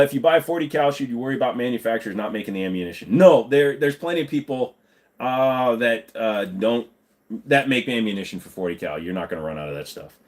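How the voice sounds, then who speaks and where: A man's voice: medium pitch, animated, quick pace. A man hosting a livestream, chatting casually and joking as he answers viewers. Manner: joking, jumps into silly voices. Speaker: livestream host.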